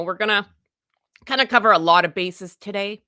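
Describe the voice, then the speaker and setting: Loud chatty canadian lady on a home livestream, bright voice, dry close mic. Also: medium pitch, moderate pace, smooth, dry recording. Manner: chatty, greets viewers by name, self-deprecating. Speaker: livestream host. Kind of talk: casual livestream chat. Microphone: desk microphone.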